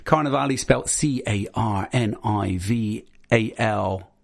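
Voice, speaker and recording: A man's voice: on the low side, slow pace, vocal fry. A man guesting on a radio show in a studio, talking earnestly and enthusiastically about his music. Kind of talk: radio interview. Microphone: studio microphone.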